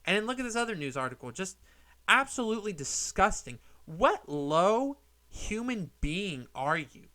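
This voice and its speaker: Heated, bright-voiced male vlogger. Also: high voice, sing-song, normal speed. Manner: heated, indignant ranting. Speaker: political commentary vlogger. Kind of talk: opinionated commentary vlog.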